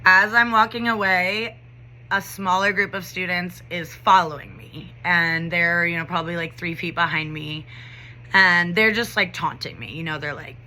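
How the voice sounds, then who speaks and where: A woman's voice: lowish voice, fairly even intonation, normal speed, bright, forceful tone. A young adult woman teacher telling a story in a casual vlog, talking conversationally with lots of "like" and "you know".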